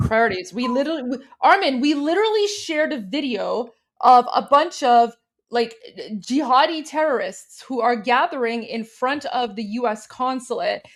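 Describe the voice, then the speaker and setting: A woman with a high voice co-hosts a political talk show. She is indignant and sarcastic and doubles up words as she gets heated. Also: expressive, normal speed. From Canada. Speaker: political commentator and co-host. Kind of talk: casual political chat.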